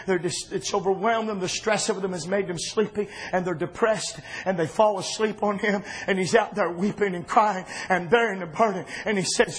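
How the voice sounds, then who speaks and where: Very high-voiced man preaching fervently. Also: steady tone, moderate pace, few pauses, slightly rough, poor audio. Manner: fervent, builds to impassioned shouting. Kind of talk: sermon.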